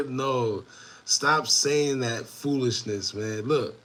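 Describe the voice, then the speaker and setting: A man hosting an online commentary show, talking casually to viewers in a repetitive, animated way with laughing asides. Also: mid-range voice, drawn-out words. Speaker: show host.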